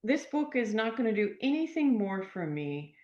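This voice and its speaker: A woman's voice: a little high, very animated, moderate pace. An older woman author, a podcast guest, talking about her work in an earnest, reflective way. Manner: reflective, earnest, warm enthusiasm. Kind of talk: podcast interview. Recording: echoey, dull remote audio.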